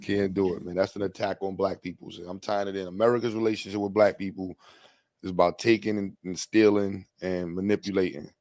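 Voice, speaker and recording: A man's voice: sits low, level tone, fairly quick, darkish tone. A man hosting a livestream, talking in a loose, rambling, slangy way with frequent laughs. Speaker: livestream host. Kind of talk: casual livestream chat.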